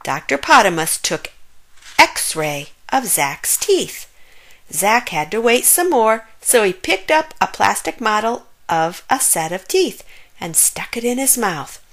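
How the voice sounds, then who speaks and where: Slow, lively woman reading a kids' story. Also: medium pitch. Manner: expressive, playful narration. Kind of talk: children's story read-aloud.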